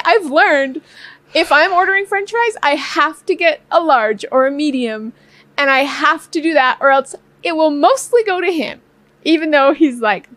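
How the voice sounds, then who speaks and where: High, bubbly woman telling a story. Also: moderate pace, dry recording. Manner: animated and playful, laughing often, acting out quotes. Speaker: co-host of a couple's channel. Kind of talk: casual storytelling chat.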